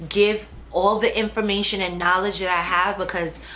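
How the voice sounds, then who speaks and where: With a flat delivery, sharp tone and medium pitch at normal speed, a young adult vlogger shares casual stories about her pregnancy. She's chatty, with fillers and restarts, on a rough recording with faint background noise.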